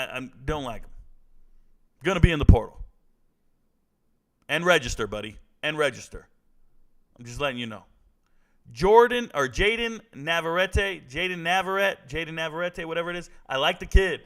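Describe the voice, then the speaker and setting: A man's voice: high voice, fairly bright tone. A man hosting casual sports commentary, blunt and joking as he talks through players. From Southern California. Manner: blunt, joking, trash-talking.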